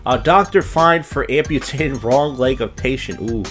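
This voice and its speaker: A man's voice: medium pitch, expressive, moderate pace, few pauses, fairly bright tone, soft background music. Sardonic rambling podcast host, man. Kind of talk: casual comedic news commentary.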